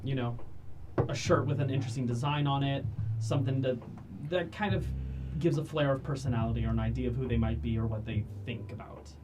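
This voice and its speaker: A man's voice: mid-range voice, brisk, over music. Laid-back male game master, distant mic. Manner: loose, hesitant narration with frequent laughter. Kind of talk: narrating a tabletop game.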